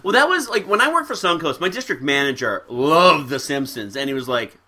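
A man's voice: fairly high pitch, big pitch swings, sharp tone. Laughing, enthusiastic man chatting. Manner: laughs often, quick enthusiastic talk. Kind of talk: casual chat.

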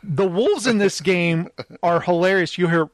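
A man's voice: high-pitched, measured pace, no echo, clean studio sound. A man in casual chat, telling a long story animatedly and acting out the characters' lines, laughing often. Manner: animated storyteller, acts out quotes in raised voices, laughs often.

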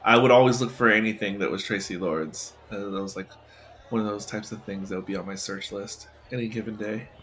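A man co-hosting a casual film podcast, explaining and telling stories in a relaxed way. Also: lowish voice, brisk. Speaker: podcast co-host.

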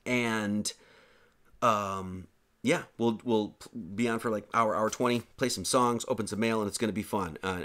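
A man's voice: medium pitch, a bit bright. A man, the pastor and host, rambling through casual closing announcements of an online sermon, joking around with lots of fillers and restarts.

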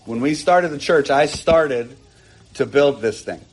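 A man's voice: medium pitch, animated, unhurried, faint music behind. Man preaching an earnest sermon. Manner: earnest, emphatic preaching with rising bursts and asides. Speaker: pastor. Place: church, preaching from a pulpit.

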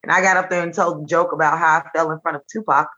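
A woman from Chattanooga, a comedian guest telling animated, jokey stories in casual chat. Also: deep voice. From Chattanooga, Tennessee. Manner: animated, jokey, rapid bursts. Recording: dull lo-fi sound.

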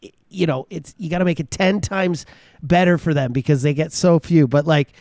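A man's voice: fairly high pitch, moderate pace, darkish tone, no echo, clean studio sound. A man co-hosting a casual podcast chat, telling stories with lots of fillers and restarts. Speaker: co-host.

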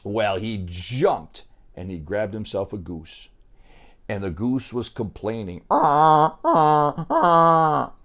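A man telling a story to children in a playful, animated way, sometimes imitating animal sounds. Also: on the low side, slow pace.

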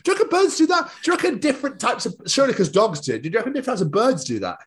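Brief: giggly, sweary host, wildly animated delivery. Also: medium pitch. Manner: giggly, sweary, quick to do voices. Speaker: podcast host. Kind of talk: casual comedic chat.

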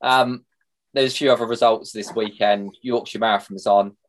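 A young man co-hosts a relaxed chat, his voice sitting low and steady. He rambles through stories with the easy pace of casual conversation. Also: moderate pace. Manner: chatty, rambling with fillers. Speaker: podcast co-host.

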